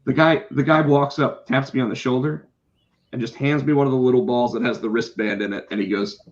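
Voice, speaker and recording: Animated storytelling man, lo-fi sound. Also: medium pitch, brisk. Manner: animated, swears, acts out quotes. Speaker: podcast co-host, comic book artist. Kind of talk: casual storytelling chat. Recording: slightly dull lo-fi sound.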